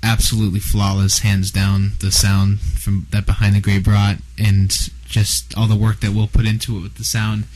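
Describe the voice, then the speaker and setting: A man with a slightly low voice chats loosely in an interview about his band. He circles back, repeats words, and swears offhandedly. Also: completely flat delivery, moderate pace, few pauses, a little mellow, low-quality recording. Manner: rambling, restarts a lot, swears casually. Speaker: band member, guest. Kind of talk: casual interview chat.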